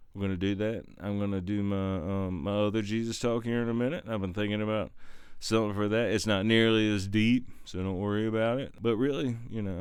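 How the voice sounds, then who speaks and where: A man's voice: lowish voice, smooth, no echo, clean studio sound. A man hosting his own podcast, talking in a rambling, laid-back, profane way. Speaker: podcast host. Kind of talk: casual chat.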